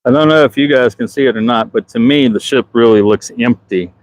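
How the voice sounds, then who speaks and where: A man with a Southern US accent talks casually through a live stream, filming from outdoors on a ship's deck. He answers viewer comments as he goes, in a voice of middling pitch, picked up by a handheld phone. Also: fairly quick, no echo, poor audio. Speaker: ship superintendent.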